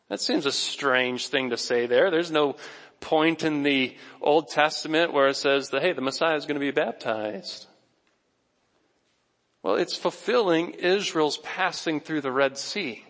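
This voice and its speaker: A man preaches to his congregation in a lively, conversational way. His voice sits a little high for a man and carries a long reverb through a large church hall. At times he turns and speaks straight to people in the pews. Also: unhurried. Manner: conversational, animated preaching that talks directly to the congregation. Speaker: pastor. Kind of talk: sermon. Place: church sanctuary.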